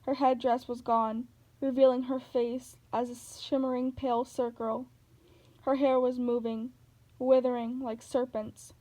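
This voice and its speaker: Female narrator, novel read-aloud, warm tone, steady delivery. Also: high-pitched, measured pace, low-quality recording.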